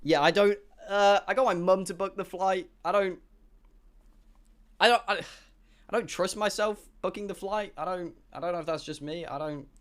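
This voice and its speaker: A young man telling a rambling story to his stream as a streamer, excitable and full of stammered restarts. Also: high-pitched, normal speed.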